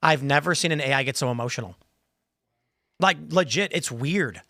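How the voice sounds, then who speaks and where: Man in his thirties, show host, casual rambling talk, bright tone, dry close mic. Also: medium pitch, normal speed, no echo. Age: 30s. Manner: rambling, animated, mimics AI replies. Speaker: podcast host. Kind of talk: casual chat reading chat questions.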